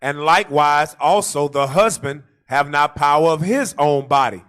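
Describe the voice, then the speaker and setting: A man reading Bible verses aloud for the bishop in a steady, plain way, heard from some way off the microphone. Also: fairly high pitch, normal speed. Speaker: scripture reader.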